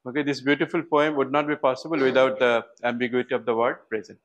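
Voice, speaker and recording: A man's voice: mid-range voice, little pitch movement, quick pace. A man with an Indian English accent giving a university lecture, who asks the class questions and repeats words for emphasis. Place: lecture hall.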